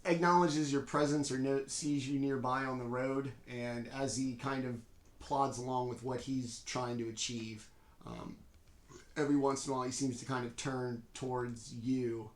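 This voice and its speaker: A man narrating as game master at a tabletop game, describing scenes unhurriedly with frequent pauses. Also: mid-range voice, steady tone. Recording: echoey room.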